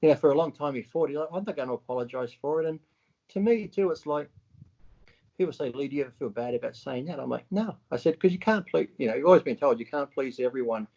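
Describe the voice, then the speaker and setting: A man co-hosting a podcast, talking bluntly with lots of swearing and animated retellings. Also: fairly high pitch, fast, gravelly, muffled recording. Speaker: podcast co-host. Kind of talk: casual chat.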